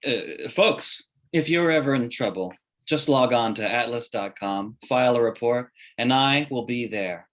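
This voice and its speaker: A man's voice: mid-range voice, unhurried, fairly bright tone, close to an everyday voice. A man reading a smug oblivious young billionaire. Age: late 20s. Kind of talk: live comedy table read.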